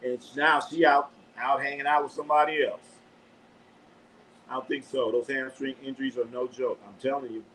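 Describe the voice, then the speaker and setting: A man's voice: mid-range voice, normal speed, a little hiss or hum, poor audio. A man from Los Angeles hosting a live sports show, talking in a loose, profane, trash-talking way. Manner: animated, profane trash talk. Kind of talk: casual live sports chat.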